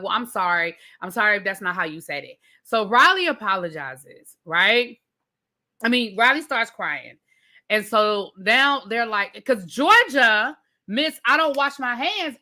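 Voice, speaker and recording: A woman hosting a casual live TV review, retelling scenes in an animated way with lots of fillers and restarts, talking to her viewers as y'all. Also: fairly high pitch. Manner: informal, addresses viewers as y'all. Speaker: TV review host. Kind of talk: casual live recap rant.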